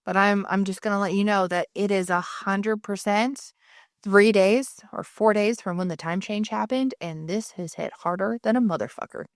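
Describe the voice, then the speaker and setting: A mother in her thirties co-hosts a casual podcast at normal speed, her voice medium in pitch. Animated and freely profane, she acts out quotes as she tells stories, all captured in clean studio sound with no room noise.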